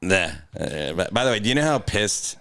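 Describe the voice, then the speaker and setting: A man's voice: on the low side, very animated, moderate pace, sharp tone. A man co-hosting a comedy podcast, chatting casually with a dry, wry manner. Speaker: podcast co-host. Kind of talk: casual chat.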